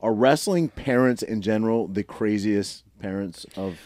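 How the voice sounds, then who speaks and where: A man with a fairly low voice hosts a podcast, asking easygoing questions of his guest. The recording is dry and close. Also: moderate pace, a little mellow, dry recording. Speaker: podcast host. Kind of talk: casual chat.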